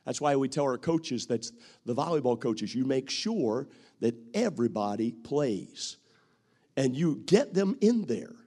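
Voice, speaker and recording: A man preaching a sermon as pastor, acting out what people say and rising to shouts at his peaks. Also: medium pitch, animated, measured pace.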